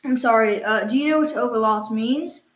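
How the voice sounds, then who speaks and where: Woman cohost insisting on silly stuff with a straight face, lots of ums, fairly high voice, echoey. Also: moderate pace. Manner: hesitant, insisting on absurd claims with a straight face. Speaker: podcast co-host. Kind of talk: improvised comedy banter. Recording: echoey room.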